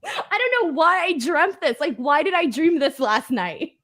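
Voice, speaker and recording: A woman hosting a casual podcast chat, playful and quick to laugh as she reads out viewer comments. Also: high-pitched, lively intonation, fairly bright tone. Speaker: host.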